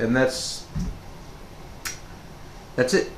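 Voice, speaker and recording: A man's voice: medium pitch, steady tone, normal speed, long pauses. A man telling a storytime monologue as a vlogger, rambling with many fillers and restarts. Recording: roomy echo with faint background noise.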